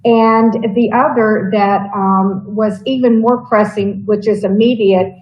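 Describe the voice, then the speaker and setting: A woman's voice: medium pitch, steady tone, a little slow, reverberant, highs cut off. A woman on a school board, raising questions hesitantly and stammering with many fillers.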